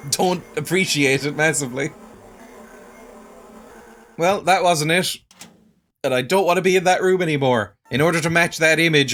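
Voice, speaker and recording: A man's voice: on the high side, a bit bright. A man commentating his playthrough of a game with dry, sardonic remarks and frequent chuckles. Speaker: let's play host.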